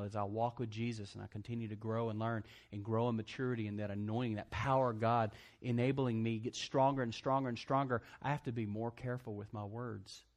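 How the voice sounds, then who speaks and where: A man preaching a sermon, asking the congregation for amens and joking as he acts out other people's voices. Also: medium pitch. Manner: preachy call-and-response, asks congregation for amens; jokey, acts out quoted voices. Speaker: pastor.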